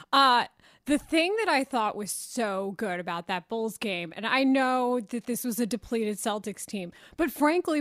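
Woman, sports radio co-host, teasing, fairly high voice, dry studio sound. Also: no room sound. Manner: teasing, playful. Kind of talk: casual sports talk.

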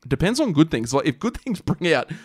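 A man's voice: on the high side, big pitch swings, fast talker, husky, no room sound. A young Australian man co-hosting a casual podcast, trading dry jokes and opinions. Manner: dry, joking asides. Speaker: podcast co-host. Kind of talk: casual chat.

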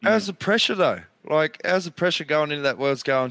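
A man's voice: a little high, expressive, brisk, hardly any pauses, a bit bright, no room sound. A man co-hosting a podcast, asking questions in a jokey, slangy way. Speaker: podcast co-host. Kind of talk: casual podcast chat.

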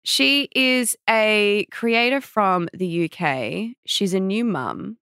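Young woman podcast host, lively storyteller, dry close sound, laughs often. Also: medium pitch, slow pace, clear, resonant tone, dry recording. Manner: chatty storyteller, laughs often, acts out quotes. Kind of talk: casual chat.

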